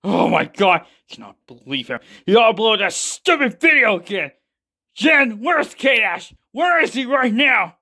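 A man voicing a hot-tempered, vengeful middle-aged father who shouts and swears. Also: high voice, big pitch swings, a little slow, pitched above the performer's own voice, heavily acted. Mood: enraged.

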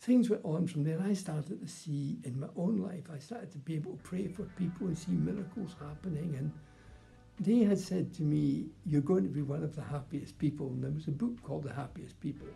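A man's voice: fairly high pitch, brisk, creaky, warm tone, faint music behind. An older man telling his personal faith testimony in a plain, earnest storytelling way. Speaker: testimony speaker.

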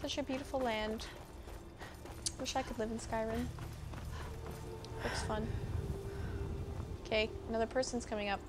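A woman's voice: on the high side, fairly even intonation, normal speed, pauses often, noisy background. A young woman giving bubbly, chatty commentary as she plays a video game for the first time. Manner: bubbly, chatty, exclaims often. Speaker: gamer playing a first playthrough. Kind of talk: casual gameplay commentary. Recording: game music playing behind.

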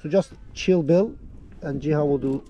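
Hyped high-voiced man fishing from a boat. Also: moderate pace, dark tone, muffled recording. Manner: hyped, playful, chatty to viewers. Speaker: fishing vlogger. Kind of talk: excited on-the-water commentary. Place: small boat on open water outdoors. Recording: outdoor boat noise behind voice. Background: water and boat noise.

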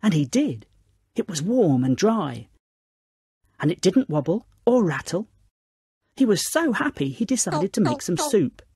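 A woman narrating a children's storybook in a lively, expressive reading. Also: on the low side, unhurried, long pauses, slight background noise.

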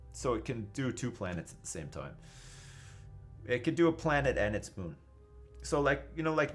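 A man's voice: mid-range voice, a bit bright. A man casually commenting on his own space game live, joking, swearing and thinking aloud as he reads chat. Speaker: gaming livestreamer.

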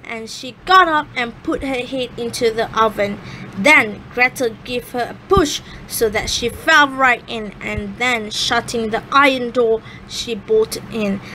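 A woman with a high voice reads a fairy tale aloud at an unhurried pace. Her reading is careful and a little halting, and a faint hiss sits under the recording. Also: sharp tone, rough recording. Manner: careful, slightly halting reading with small slips. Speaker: storyteller.

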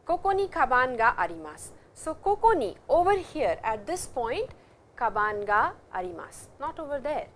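A woman's voice: high voice, very animated, moderate pace. A woman teaching a language lesson, who patiently repeats and stresses example phrases. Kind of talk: classroom lecture.

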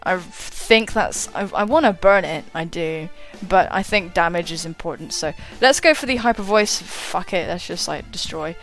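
A woman's voice: fairly low pitch, moderate pace, few pauses, fairly bright tone, faint music behind. A young woman giving casual, chatty commentary on a game battle, swearing and mocking her own moves. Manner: chatty, self-mocking, swears and laughs often. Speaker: gaming YouTuber.

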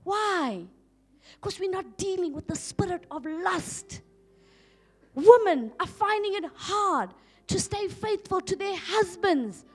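A woman from South Africa preaching a sermon, swinging from loud exhortation to hushed asides. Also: very high-pitched, animated, slow pace. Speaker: pastor.

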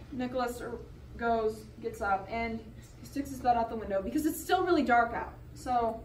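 A woman's voice: a little high, roomy sound, recorded from a distance, a little hiss or hum. A young woman student giving a chatty, giggly class presentation in a classroom. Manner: chatty, giggly retelling with fillers.

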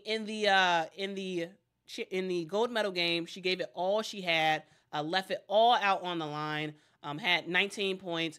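A woman's voice: fairly low pitch, fairly bright tone, smooth. A woman hosting casual sports commentary, chatty and addressing viewers directly, often restarting her sentences.

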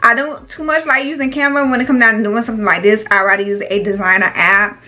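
Chatty bright-voiced woman vlogger. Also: fairly high pitch, fairly even intonation, fast talker. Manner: chatty, talks straight to viewers, frequent "y'all" and "baby". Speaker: small business owner and vlogger. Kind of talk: casual chat to viewers.

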